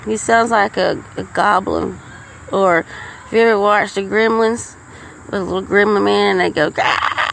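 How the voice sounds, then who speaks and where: A woman's voice: mid-range voice, gravelly, fairly bright tone, slight background noise, rough recording. A middle-aged woman telling folksy, rambling stories as a podcast host. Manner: rambling, folksy, with frequent restarts. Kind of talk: casual storytelling monologue.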